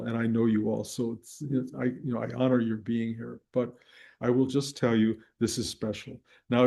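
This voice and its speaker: An older man leads a spiritual class, his voice mellow and low in brightness. He tells stories in a meandering way, restarting phrases and chuckling along. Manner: rambling storytelling with restarts and chuckles. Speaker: spiritual teacher. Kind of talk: dharma talk to a live and online group.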